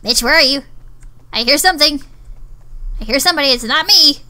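A woman's voice: sits high, a little fast, pushed and bright. A woman talking to herself while playing a shooter game, muttering, swearing and getting exasperated. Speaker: gamer. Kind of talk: gameplay commentary.

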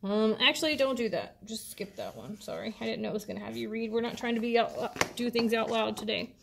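A woman's voice: a little high, lively intonation, a little fast, gravelly, slight background noise. A woman teacher, patiently explaining a worksheet step by step to her students. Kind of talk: classroom instruction video.

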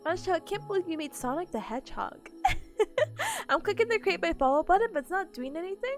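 A woman's voice: extremely high pitch, big pitch swings, a little fast, soft background music. A sleepy woman streamer chatting casually with her viewers, giggling often and greeting people in chat.

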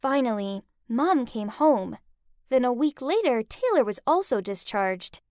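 A woman narrating an animated story in the first person with heartfelt, emotional storytelling. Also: fairly high pitch, a little slow, dry recording, clean studio sound.

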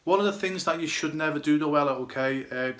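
A middle-aged goalkeeping coach giving casual, rambling advice to young players, full of fillers and restarts. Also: male voice, fairly high pitch, fast talker, fairly bright tone.

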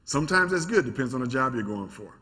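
A man leading a lively teaching session in a church room, acting out quotes and firing off rhetorical questions to the audience. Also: mid-range voice, fast. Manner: animated, acts out quotes and asks rhetorical questions. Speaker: workshop speaker. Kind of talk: interactive teaching talk.

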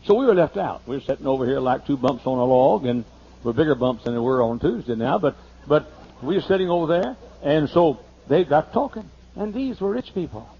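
A man pastor telling a humorous, folksy story during a sermon, slowing down to list items one by one. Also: on the high side, lively intonation, breathy edge. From United States. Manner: folksy and humorous, lists things slowly. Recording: muffled older sermon tape.

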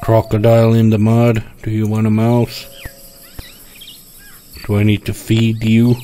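Man, low voice, slow and drawn-out, exasperated let's play commentary, swearing. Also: completely flat delivery, mellow, slight background noise. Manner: frustrated, swearing, talking to himself. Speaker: gameplay streamer.

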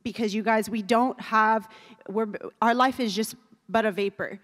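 A woman's voice: fairly high pitch, fairly even intonation, moderate pace, a bit bright. A woman giving an emotional sermon, earnest and building to fervent preaching, with tearful moments. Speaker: youth speaker. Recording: reverberant hall.

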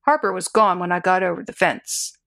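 A woman reading the lines of a gruff, guilty middle-aged farmer in a short story, curt and louder than her narration. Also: on the low side, animated, normal speed. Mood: forced. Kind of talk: audiobook reading.

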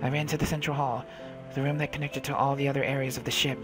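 A man's voice: mid-range voice, little pitch movement, fast. Man narrating a game over music. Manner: dramatic, immersed reading. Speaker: let's play host. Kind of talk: reading game text aloud with commentary.

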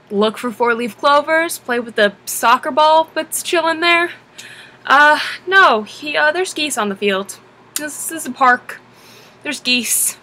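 A woman in her twenties telling a story in animated storytime narration, exasperated and lively, acting out her own lines. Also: high voice.

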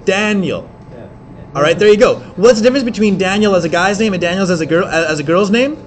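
A man teaching an English class, explaining in quick bursts with many fillers and restarts. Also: sits high, expressive. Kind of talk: classroom lecture.

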